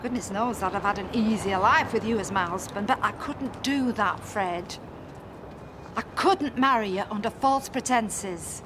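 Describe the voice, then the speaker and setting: A woman's voice: a little high, background noise. An actress playing a woman who broke off her engagement, pleading with her former fiancé and then scolding him.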